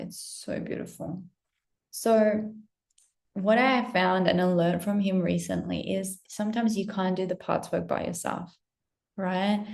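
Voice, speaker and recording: Young female vlogger, gravelly, unscripted pep talk, candid and sweary. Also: mid-range voice. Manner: candid, swears freely, drops to soft whispers. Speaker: spiritual coach and vlogger. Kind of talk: casual spontaneous pep talk. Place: indoors while traveling.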